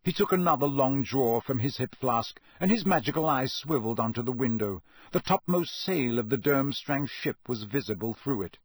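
A man narrating an audiobook in a steady storytelling manner, with a husky voice. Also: medium pitch, moderate pace, hardly any pauses, dry recording. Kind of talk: scripted narration.

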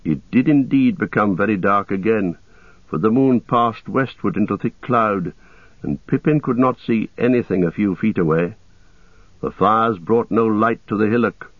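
A man narrating a story in a steady, measured reading voice. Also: fairly low pitch, no echo. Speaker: audiobook narrator. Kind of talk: scripted narration. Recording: tinny phone-like sound, dry.

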